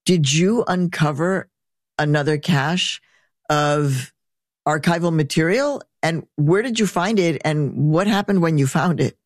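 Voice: medium pitch, unhurried, no room sound, clean studio sound. An interviewer asking questions in an enthusiastic, effusive way.

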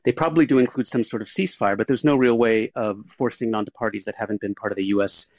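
Male analyst, gravelly voice, thoughtful, hesitant, dry close sound. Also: lowish voice, fairly even intonation, fast, darkish tone, no echo. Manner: thoughtful, hesitant with fillers and restarts. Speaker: political analyst guest. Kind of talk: news interview answers.

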